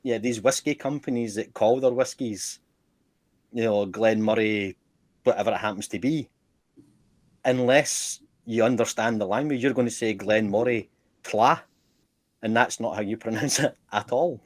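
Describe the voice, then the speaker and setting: Scottish man in casual talk, blunt and swearing, mid pitch, dry close mic. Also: normal speed, dry recording. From Scotland. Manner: blunt, swears freely, laughs easily. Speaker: guest. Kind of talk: casual chat.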